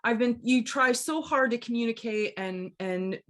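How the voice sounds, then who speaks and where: A woman's voice: on the high side, normal speed. A woman opera singer co-hosting a podcast, telling a story in casual chat, candid and emotional, swearing freely.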